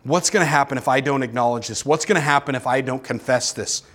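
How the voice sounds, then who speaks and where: Speaking at a quick pace with a medium pitch, a male pastor preaches, challenging his congregation through repeated rhetorical questions and alternating between hushed and urgent tones.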